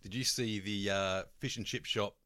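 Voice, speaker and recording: Australian male podcast co-host, low voice, dry sound, casual and cheeky. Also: fairly even intonation, normal speed, sharp tone, no echo. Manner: swearing, laughing storyteller doing bloke impressions. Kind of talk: casual sports chat.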